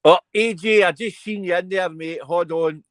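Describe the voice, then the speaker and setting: A man's voice: sits high, normal speed, dry recording. A Scottish man hosting a live chat from home. He rambles casually and keeps his callers in line. His voice sounds close and dry, with no room around it. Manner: chatty, scolds callers. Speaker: livestream host.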